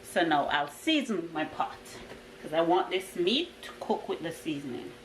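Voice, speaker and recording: Chatting to her viewers while she cooks, this kitchen vlogger sounds on the low side and sing-song at a moderate pace, cheerful and upbeat. Pots and dishes clatter in the echoey home kitchen, with slight background noise.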